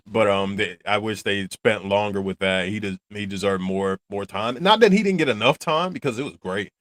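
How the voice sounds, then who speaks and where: A man's voice: fairly low pitch, normal speed, no room sound, studio quality. A man who hosts a reaction channel, talking casually and animatedly, rambling and laughing often. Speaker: channel host reacting to a film.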